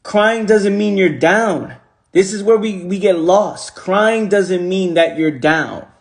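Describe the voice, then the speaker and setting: Guy preaching motivation on a phone live, pretty high voice, keeps repeating himself for emphasis. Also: slow pace, gravelly. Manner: casual slang. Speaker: motivational speaker. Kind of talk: motivational livestream talk. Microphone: phone on a livestream.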